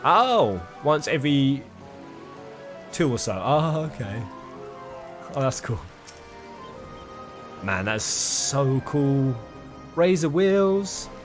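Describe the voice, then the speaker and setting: A man's voice: medium pitch, big pitch swings, very slow, pauses often, faint music behind. A man casually chatting and laughing while streaming a game. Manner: chatty, laughing, playful asides. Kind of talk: casual gameplay commentary.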